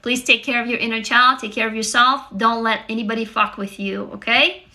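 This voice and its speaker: Woman, forties, Russian accent, higher voice, bright and crisp tone, candid encouraging live-stream chat. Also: fairly even intonation, brisk. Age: 40s. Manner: candid and encouraging, swears freely.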